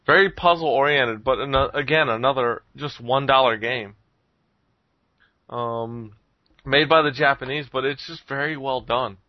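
A man's voice: medium pitch, a little slow, dry recording, lo-fi sound. A man hosting a casual podcast chat, rambling with lots of ums and frequent chuckles. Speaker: podcast host reviewing games.

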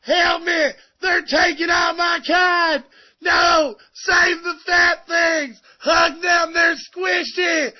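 A shrieking, furious gamer reverend. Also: male voice, very high voice, level tone, slow pace, raised voice, some chatter behind. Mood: furious ranting. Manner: ranting, profane, comic outrage. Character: loud furious overweight gamer man calling himself a reverend. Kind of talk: comedic rant sketch. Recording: muffled lo-fi podcast recording.

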